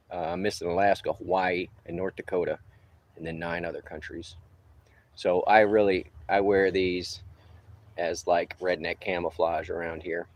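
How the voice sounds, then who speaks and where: Taking a break outdoors on a roof, a deep-voiced roofer in his fifties from New Orleans chats casually on his livestream. He rambles in an easygoing way, with chuckling asides.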